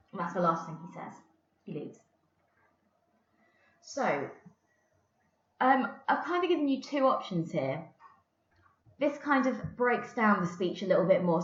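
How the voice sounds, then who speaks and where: A woman English teacher giving a recorded lesson, explaining patiently with the odd filler. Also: mid-range voice. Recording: roomy, dull lo-fi recording.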